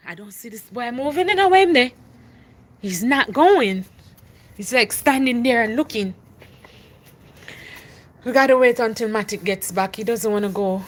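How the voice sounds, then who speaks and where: A young adult woman, chatting casually on a live stream and loudly urging her dog along between asides. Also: mid-range voice, moderate pace, pauses often.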